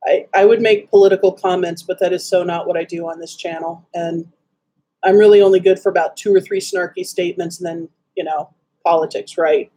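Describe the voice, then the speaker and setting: A woman's voice: fairly low pitch, fairly even intonation, a little fast, warm tone. A woman from Wisconsin chatting casually on a livestream, greeting viewers by name and making snarky asides.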